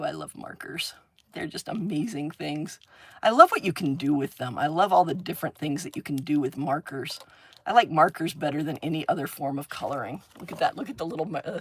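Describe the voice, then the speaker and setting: A woman's voice: sits low, breathy edge, no room sound. A woman hosting a crafting livestream, chatting casually as she works, rambling, laughing often and humming little sound effects while she draws.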